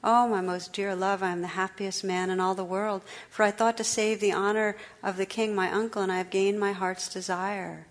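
A woman's voice: mid-range voice, flat delivery, normal speed, few pauses, close to an everyday voice. A woman reading aloud, voicing a gallant young knight who speaks earnestly and ardently. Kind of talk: storybook read-aloud.

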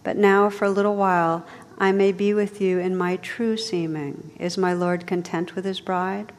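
A woman voicing a gentle, dignified enchanted noblewoman in a low, soft voice. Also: fairly even intonation, normal speed, in a large hall, natural voice. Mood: tender.

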